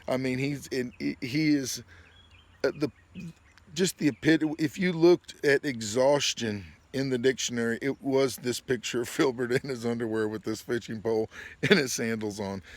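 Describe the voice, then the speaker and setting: A man, hosting and telling a funny story in a casual way, acting out his friends' lines in a raised, excited voice and laughing often. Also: mid-range voice. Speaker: podcast host.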